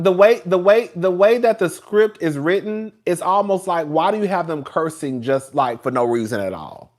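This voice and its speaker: A man hosting a casual live stream. He rambles, talks with sass and laughs often as he chats with his viewers. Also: high-pitched. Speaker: show host reviewing TV.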